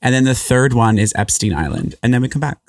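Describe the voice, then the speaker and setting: A man's voice: medium pitch, big pitch swings, fast talker, vocal fry, dry recording, studio quality. A young man co-hosting a casual comedy podcast, rambling and correcting himself, laughing often. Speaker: podcast co-host.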